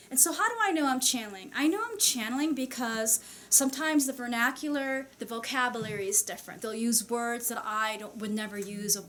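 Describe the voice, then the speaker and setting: A woman's voice: on the high side, fairly bright tone, slight background noise. A woman channeler speaking to an audience in a casual, chatty way, full of fillers and small laughs. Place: society meeting room.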